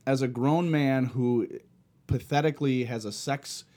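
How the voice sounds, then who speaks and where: A man's voice: mid-range voice, a little slow, warm tone. A man co-hosting a casual podcast chat, laying out arguments step by step. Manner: argumentative, plays devil's advocate. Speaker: podcast co-host.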